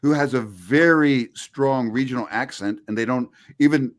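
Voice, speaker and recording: A middle-aged man speaks as an interview guest over a video call. He explains his points in a lively, chatty way and often restarts a phrase before finishing it. His voice sits at an ordinary pitch for a man. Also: moderate pace. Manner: animated, many restarts, explanatory. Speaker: linguistics professor, interview guest. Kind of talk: conversational interview.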